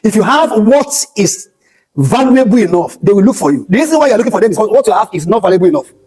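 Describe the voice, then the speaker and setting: A man's voice: high voice, big pitch swings, quick pace, a little mellow, breathy edge, poor audio. A Nigerian man, a pastor, giving an emphatic motivational talk at a skills bootcamp, repeating his key phrases for weight. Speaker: pastor and speaker. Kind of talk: motivational talk with sermon-like storytelling. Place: event hall at a skills bootcamp.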